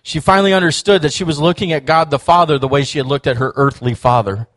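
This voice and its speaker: A man's voice: on the high side, fast. A man preaching a sermon in a church, telling stories and acting out quoted voices. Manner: storytelling, animated, acts out quoted voices. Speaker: pastor.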